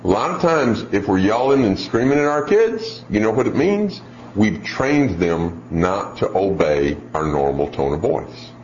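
A man gives a parenting talk, spinning a lively story full of asides and plenty of "you know," and he acts out scenes as he goes. His voice is fairly low. The recording sounds roomy and a bit dull, with a faint hiss or hum.

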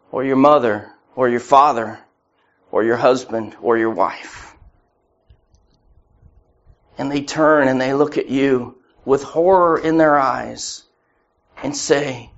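A man preaching a sermon earnestly, acting out the voices in his quotes. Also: a little high. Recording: muffled lo-fi recording.

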